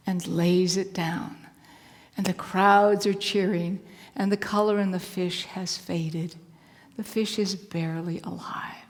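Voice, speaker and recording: A woman telling a story in a soft, hushed voice that often drops to a whisper, with a repeating, rhythmic cadence. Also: lowish voice, steady tone, takes it slowly, big-room sound. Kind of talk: slow spoken-word storytelling.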